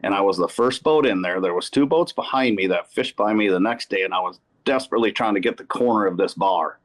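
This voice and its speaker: A man from Wisconsin, a podcast guest telling casual fishing stories in an animated way. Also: on the low side, quick pace. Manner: animated anecdote teller who acts out quotes. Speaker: podcast guest, pro angler. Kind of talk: casual storytelling.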